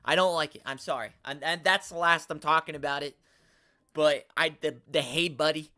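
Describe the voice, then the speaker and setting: Bright-voiced guy rambling on a stream. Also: on the high side, moderate pace, dry recording, studio quality. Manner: rambling, exasperated, slangy, reads chat aloud. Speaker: host of a toy collecting live stream. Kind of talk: casual live stream chat.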